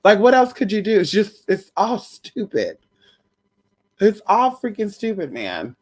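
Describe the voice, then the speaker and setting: A woman's voice: mid-range voice, wildly swooping pitch, unhurried, slightly rough. A tired woman hosting a casual live stream, chatting to her viewers and calling them girl and honey.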